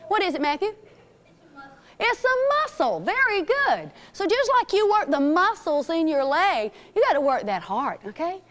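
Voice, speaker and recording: A woman teaching a children's fitness class in a gym, encouraging and calling out names and commands. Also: high-pitched. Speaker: physical education teacher.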